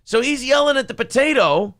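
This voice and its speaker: A podcast host with a very high-pitched man's voice tells stories briskly in casual chat, animatedly acting out quotes and swearing freely. The recording is dry and studio quality.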